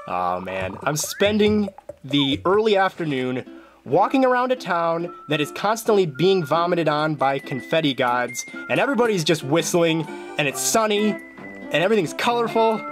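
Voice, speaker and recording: Casual game commentary, playful and jokey, animated pitch, game music clearly underneath. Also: normal speed. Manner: playful, jokey, excitable outbursts. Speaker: gameplay video journal host.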